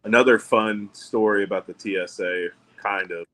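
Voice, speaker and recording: A man's voice: lowish voice, fairly even intonation, normal speed, a bit bright, poor audio. A middle-aged man hosting a casual chat, telling profane, wry anecdotes and acting out the other people's lines. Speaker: podcast co-host.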